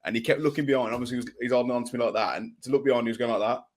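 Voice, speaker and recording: A man with an English accent hosting a football podcast in casual chat, a little hoarse as he is losing his voice, bantering and laughing. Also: medium pitch, steady tone, rapid-fire, a little mellow. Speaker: podcast host.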